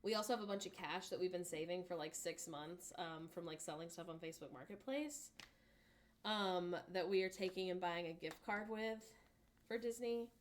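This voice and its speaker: A woman's voice: on the low side, moderate pace, a little hiss or hum. Rambly woman chatting on a livestream. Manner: rambling, lots of "um" and "like". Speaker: livestream co-host. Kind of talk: casual livestream chat.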